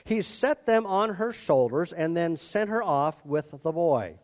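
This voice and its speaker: Man, pastor, conversational sermon, animated pitch, unhurried. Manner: expressive, conversational, acts out characters.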